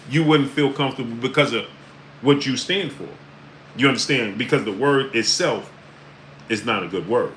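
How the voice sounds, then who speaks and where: Speaking in a mid-range voice over a little hiss or hum, this man runs a relaxed livestream out of New York. His commentary is peppered with "uh" and "right?", and he calls out chat names as they come in, though the audio quality is poor.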